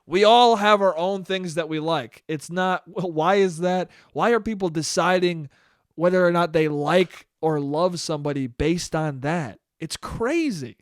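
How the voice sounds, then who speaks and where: A young man with a fairly high voice rants alone into his podcast mic, swearing freely and slipping into mocking impressions of critics. The sound is dry and close, with no room around it. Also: unhurried, no echo. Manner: animated ranting, mocking voices of critics, frequent swearing and laughing. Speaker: podcast host. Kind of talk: solo podcast monologue.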